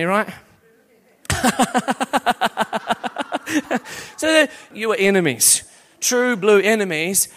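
A man preaching a lively sermon, playful and exclamatory, often breaking into laughter. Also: very high voice.

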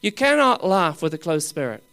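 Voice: medium pitch, big pitch swings, moderate pace, vocal fry, clear, resonant tone. A preacher giving a humorous sermon, asking the crowd questions and laughing often. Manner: swings between loud exclaiming and dropping to quiet asides.

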